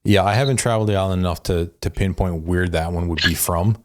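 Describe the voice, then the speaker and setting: A young man from Newfoundland with a mild Newfoundland accent, hosting a relaxed interview chat and often tagging lines with "right?". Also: sits low, fast. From Newfoundland, Canada. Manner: relaxed, says "right?" and "you know" often. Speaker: podcast host.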